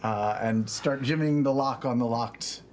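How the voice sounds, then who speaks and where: A tabletop game player speaking casually and excitably, laughing often and dropping to quiet whispers. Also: unhurried, noisy background. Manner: excitable, laughing, jumping between squeals and low whispers. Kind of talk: tabletop role-play, casual.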